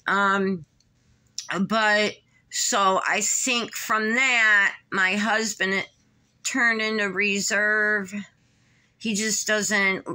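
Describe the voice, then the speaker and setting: Woman vlogger, breathless and halting, bright tone, unhurried emotional rambling. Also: medium pitch, fairly even intonation. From Michigan, USA. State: short of breath, tight-chested. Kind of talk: personal vlog monologue.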